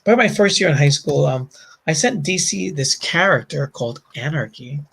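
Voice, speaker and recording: Gravelly Bronx man telling stories. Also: fairly high pitch, fairly quick. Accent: Bronx New York. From the Bronx, New York. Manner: rambling, animated storytelling with frequent fillers and laughs. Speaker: comic creator guest. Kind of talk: casual chat.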